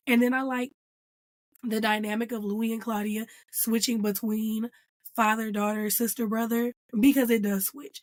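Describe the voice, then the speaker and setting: A woman hosting her own show, recapping a TV episode in a casual, animated and emphatic way. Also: mid-range voice, normal speed, no echo. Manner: animated and emphatic, acting out characters' lines and calling them "girl". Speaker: host reviewing a TV episode.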